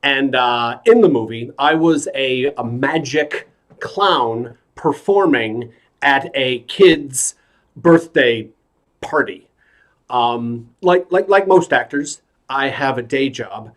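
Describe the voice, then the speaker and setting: A man from New York telling a stand-up story in a hesitant, deadpan way over a video call. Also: medium pitch, takes it slowly. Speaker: stand-up comedian. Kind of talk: stand-up comedy set.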